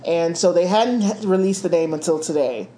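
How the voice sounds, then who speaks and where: A woman's voice: on the low side, expressive, normal speed, warm tone, slight background noise. A woman co-hosting a casual chat, playful and giggly, stretching out her words.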